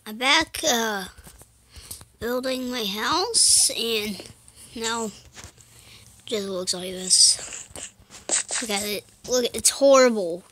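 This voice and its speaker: A woman giving casual let's-play commentary while she plays, muttering to herself, slipping into whispers and breaking into sudden excited outbursts. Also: fairly high pitch, slow pace, pauses often, rough recording.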